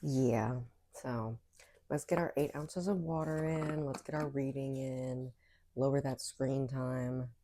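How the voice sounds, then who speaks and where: A woman's voice: a bass voice, fairly even intonation, takes it slowly, warm tone, slight background noise. A woman chatting casually in a book vlog from her room at home, rambling with lots of fillers and asides, and bothered by hiccups. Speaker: book vlogger. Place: bedroom at home.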